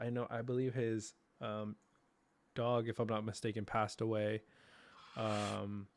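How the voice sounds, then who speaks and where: A man hosting a casual podcast that is streamed live. His voice sits at an ordinary middle pitch. He picks his words slowly, with frequent ums and pauses. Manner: hesitant, many ums, thoughtful pauses. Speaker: podcast host. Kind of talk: casual podcast chat, livestreamed.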